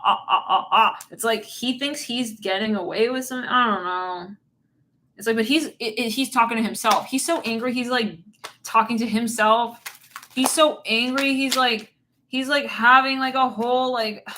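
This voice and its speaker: A woman rambles through a tarot reading in a bright, forward voice, laughing at her own words and swearing without a filter. Her tone is casual and blunt. A faint hiss sits under the recording. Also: fairly high pitch. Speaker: tarot reader.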